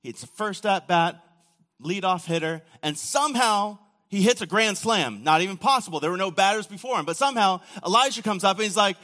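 Bright-voiced preacher in a reverberant hall. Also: male voice, high-pitched, a little fast. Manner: casual storytelling with acted quotes and sudden drops to near-whisper. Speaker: pastor. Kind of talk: sermon.

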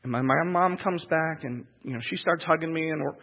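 A man telling a personal testimony in an emotional, halting way, repeating words as he goes. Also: fairly high pitch, gravelly. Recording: echoey hall, dull lo-fi sound.

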